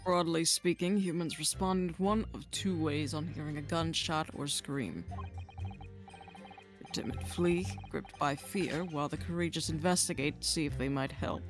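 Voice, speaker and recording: A haughty aristocratic prosecutor, a man of lofty disdain, put on by a woman. His voice is pitched far down and sounds unlike the speaker's usual one. He delivers measured, condescending oratory as a game is read aloud. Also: faint music behind.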